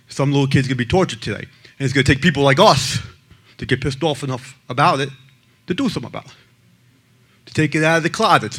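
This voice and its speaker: A man speaks in blunt, emphatic personal testimony. His voice sits at an ordinary middle pitch. He pushes some lines out loudly and drops others to a near hush. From the Bronx, New York. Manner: blunt and emphatic, swinging between loud and hushed. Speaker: abuse survivor and advocate speaker.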